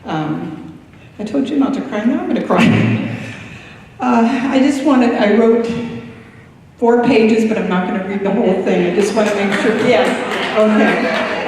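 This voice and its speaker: An older woman giving a grateful, emotional retirement speech, pausing often. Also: medium pitch, background noise. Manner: emotional, grateful, slow and halting with many pauses. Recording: echoey hall from far off.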